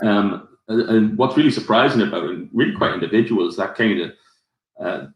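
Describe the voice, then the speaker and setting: A man's voice: lowish voice, a little fast, highs cut off. A man with a Geordie accent hosting a live whisky tasting, rambling through his tasting notes with plenty of fillers. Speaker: whisky society ambassador. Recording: roomy echo.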